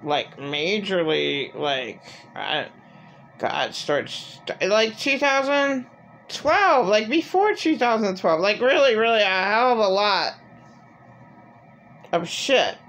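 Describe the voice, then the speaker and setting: A woman's voice: medium pitch, lively intonation, slow, a bit bright, faint music behind. A middle-aged woman talking in an agitated, rambling personal monologue full of filler words. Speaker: vlogger.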